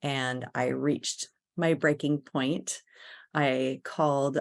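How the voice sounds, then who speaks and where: A woman's voice: sits low, fairly even intonation, slow. A woman guest in an interview, telling a personal story in a candid, earnest way.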